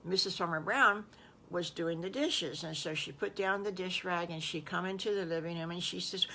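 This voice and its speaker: A woman's voice: on the low side, moderate pace, vocal fry, bright, forceful tone. An older woman telling an improvised children's story, folksy and meandering, with repetitions and exclamations. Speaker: storyteller grandmother.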